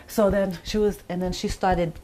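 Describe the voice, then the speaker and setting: A middle-aged woman telling her own story in an interview, halting and pausing, acting out the voices of others as she goes. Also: mid-range voice, steady tone, mellow, slight background noise. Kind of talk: emotional personal account.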